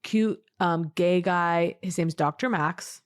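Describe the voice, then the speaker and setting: A woman's voice: on the low side, slow. A woman in her thirties co-hosting a podcast, telling a long rambling story in casual chat and acting out what people said. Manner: animated, rambling, acts out quotes. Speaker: podcast co-host.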